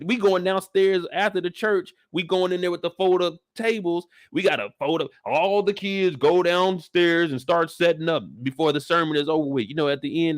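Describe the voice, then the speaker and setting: A man hosting a casual live after-show discussion, ranting comedically with heavy slang and swearing, and jumping into loud voices for the people he quotes. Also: fairly high pitch. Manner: animated, comedic rant with lots of slang and swearing. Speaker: show reaction host.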